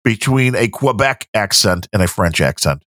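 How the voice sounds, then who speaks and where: A man hosting a podcast with quick, playful banter. His voice sits fairly low but moves animatedly. The mic is close and dry. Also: animated, a bit bright, dry recording. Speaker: podcast host. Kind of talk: casual chat.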